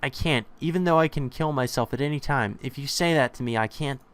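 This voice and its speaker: A man's voice: medium pitch, a little fast, clean tone, pitched above the performer's own voice, close to an everyday voice. A man voicing a tearful young woman who pleads in a breaking, sobbing voice. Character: tearful young woman, a gentle older schoolmate. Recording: music playing behind.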